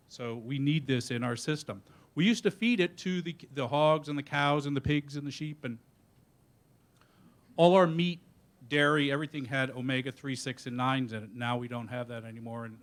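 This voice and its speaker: Male speaker at a public hearing, eager, rambling, mid-pitched. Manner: enthusiastic, rambling, fast bursts. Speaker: audience member giving public comment. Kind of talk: public comment at a meeting. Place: meeting hall.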